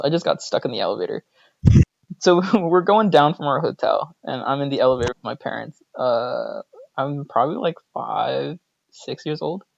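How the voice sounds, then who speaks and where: A man's voice: mid-range voice, creaky, dry recording, muffled recording. A man co-hosting a podcast, telling a childhood story in a casual chat and laughing often as he goes. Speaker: podcast co-host.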